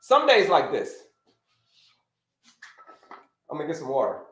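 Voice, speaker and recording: A man hosting a live health-coaching stream, talking to viewers in an animated, repetitive, preacher-like cadence. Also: a little high, normal speed, roomy sound.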